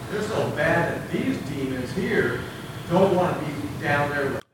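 A man in a Bible study group offering a halting, earnest comment, searching for his words. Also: on the high side, animated. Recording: distant, roomy, noisy room mic.

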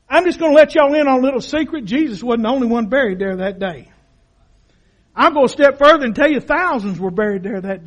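A man preaching a sermon as pastor, dramatic and impassioned, dropping to a hush and then rising to shouts. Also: extremely high pitch, highs cut off. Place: church sanctuary.

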